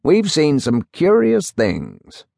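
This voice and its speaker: A man voicing a very old, gloomy judge who speaks slowly and solemnly. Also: on the high side, wildly swooping pitch, gravelly, a little mellow, dry recording, studio quality, voice pushed up, exaggerated voice. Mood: slow, wistful. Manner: slow, ponderous, solemn. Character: very old brooding male judge, slow and gloomy.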